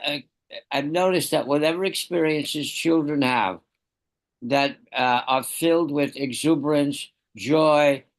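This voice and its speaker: A man in a casual group discussion on a video call, speaking in a halting, reflective way with many restarts. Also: mid-range voice. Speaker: participant sharing experience with children.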